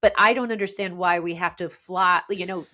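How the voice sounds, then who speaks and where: A woman from the United States hosts a casual podcast conversation. Her voice sits a little low, and she talks earnestly and frustratedly, circling back and restarting her sentences as she goes. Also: fairly even intonation, moderate pace, pushed and bright. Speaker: podcast host.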